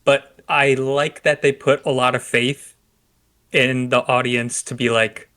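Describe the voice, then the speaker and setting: A man's voice: mid-range voice, little pitch movement, a little slow, fairly bright tone. A young man co-hosting a casual movie podcast, easygoing and agreeable, with plenty of fillers. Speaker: podcast co-host.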